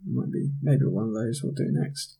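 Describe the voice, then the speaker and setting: A podcast co-host chats casually about books and films, relaxed and quick to laugh, trailing off while he thinks. His mid-range voice moves at a moderate pace with vocal fry and a breathy edge.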